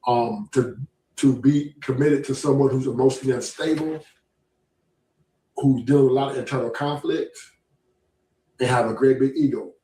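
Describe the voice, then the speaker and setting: A man's voice: medium pitch, steady tone, moderate pace, pauses often, mellow. A man hosting a casual podcast talk, rambling and often checking in with his listeners by asking "right?". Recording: roomy echo.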